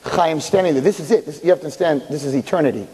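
A man telling a religious story in an animated, dramatic way. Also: on the high side, racing. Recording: echoey hall.

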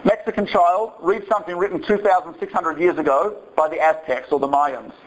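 A man's voice: fairly high pitch, a little fast, a little hiss or hum, poor audio. A man giving a humorous talk, animatedly telling anecdotes and acting out the voices in them. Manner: animated storytelling, acts out voices.

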